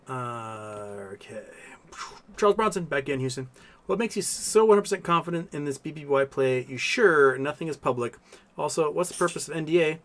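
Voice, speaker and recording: A man's voice: a little high, expressive, normal speed. A man, hosting a casual livestream, rambling through viewer questions with many fillers. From Texas. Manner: rambling, thinks aloud with fillers, coos softly to his cat. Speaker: livestream host reading super chats.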